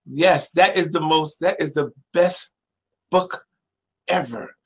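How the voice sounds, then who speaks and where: Animated older New man. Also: fairly high pitch, slow pace, slightly rough, low-quality recording. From New York City. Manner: animated storyteller, acts out quoted voices. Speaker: librarian, interview guest. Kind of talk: casual storytelling interview.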